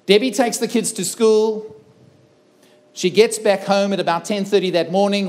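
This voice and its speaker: High-voiced middle-aged male speaker. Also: moderate pace, darkish tone. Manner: earnest, dramatic retelling with acted-out dialogue. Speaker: keynote speaker. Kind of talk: personal storytelling talk. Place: festival stage before a live audience.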